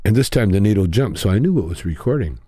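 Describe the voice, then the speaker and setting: An older man spinning a relaxed, rambling story as a comedian guest, his voice sitting low. He drifts along with easy pauses and slips into the voices of the people in his tale. The sound is close and dry. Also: no echo.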